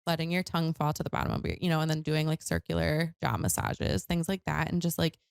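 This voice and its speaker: A woman's voice: deep voice, animated, quick pace, creaky, clear, resonant tone, dry recording, clean studio sound. A young woman guest on a podcast, talking candidly and casually, with lots of filler words and some swearing. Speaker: guest author. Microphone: handheld microphone.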